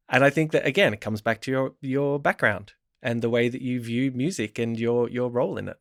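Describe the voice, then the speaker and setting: A man's voice: mid-range voice, a little fast, gravelly, hardly any pauses, a bit bright. A man hosting a podcast interview, asking thoughtful questions and giving short affirmations. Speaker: podcast host.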